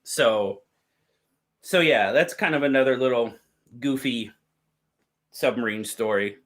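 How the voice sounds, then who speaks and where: A man hosting a livestream, telling stories in a casual, drawn-out way and reading out chat. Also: medium pitch, a bit bright. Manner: drawn-out, easygoing storytelling with quoted voices. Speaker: livestream host. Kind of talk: casual storytelling to live chat.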